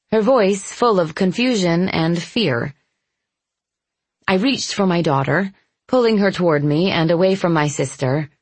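A woman reading a first-person novel as an audiobook narrator, measured and even. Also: low-pitched, dry recording.

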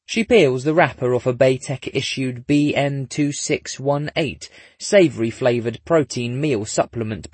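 Husky male narrator with wry asides. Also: medium pitch, dry recording. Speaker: audiobook narrator. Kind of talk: scripted narration.

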